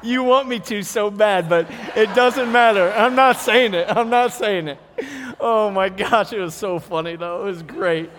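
Animated, joking male pastor, storytelling sermon voice, reverberant church hall. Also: sits high, measured pace, a little hiss or hum. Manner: animated, jokey storyteller who acts out voices.

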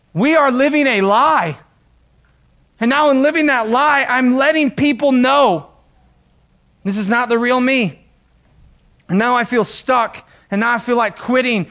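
A man preaching a sermon as a pastor, animated and emphatic, sometimes acting out the voices he quotes. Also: extremely high pitch.

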